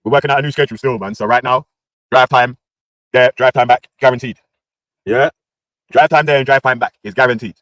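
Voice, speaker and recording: A man's voice: mid-range voice, steady tone, brisk, long pauses, fairly bright tone, dry recording. A British man hosting a livestream, ranting in casual street slang with lots of banter. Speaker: livestream host.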